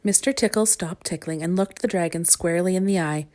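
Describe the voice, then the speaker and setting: A woman reads a children's storybook aloud, calm and measured. Her voice sits a little low. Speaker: storybook reader. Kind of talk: storybook reading.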